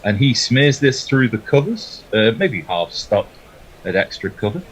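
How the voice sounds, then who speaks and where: A man giving relaxed ball-by-ball cricket commentary, chatty and laughing between deliveries. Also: medium pitch, unhurried, slight background noise, rough recording.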